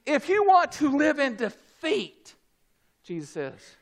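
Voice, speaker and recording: A man preaching a sermon, swinging between loud emphatic shouts and quiet, low asides, with a drawn-out, deliberate delivery. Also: lively intonation.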